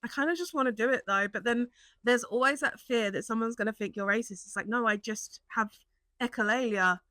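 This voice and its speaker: A young British woman chatting casually in a vlog about her small craft business, rambling and laughing often and jumping up into high excited tones. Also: fast, no echo. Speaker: small business owner and vlogger.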